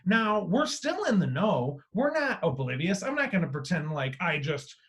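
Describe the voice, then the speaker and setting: Man, podcast host, animated, swears a lot, fairly high voice. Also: moderate pace. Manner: animated, swears freely, swings loud and quiet. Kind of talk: casual podcast chat.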